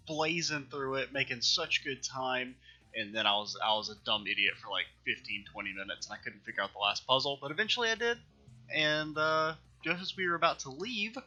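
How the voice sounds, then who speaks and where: A man's voice: medium pitch, pushed and bright, lo-fi sound. A man hosting a let's play, giving casual, rambling, self-deprecating gameplay commentary.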